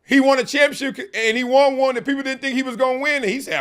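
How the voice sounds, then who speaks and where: A man's voice: very high-pitched, fairly even intonation, fast talker, fairly bright tone. A middle-aged man hosting a talk show, talking emphatically in slangy speech, laughing often and mocking others in put-on quotes. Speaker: host. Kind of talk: animated talk-show monologue.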